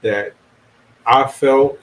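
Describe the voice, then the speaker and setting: A man speaking as a guest, talking softly and haltingly, with many fillers, as he reflects on his marriage. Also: mid-range voice, fairly even intonation, rough recording. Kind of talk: reflective confessional talk.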